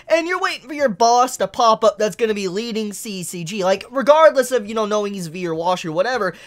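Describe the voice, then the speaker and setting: A woman reviewing a manga chapter in casual commentary, excitable, laughing often and swearing freely. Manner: animated pitch jumps.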